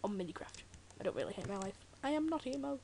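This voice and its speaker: A teenage British girl races through her Let's Play commentary in a high-pitched, gravelly voice with lively intonation. She's chatty and jokey, rambling off into asides as she plays a video game, while loud keyboard clicks and typing fill the background.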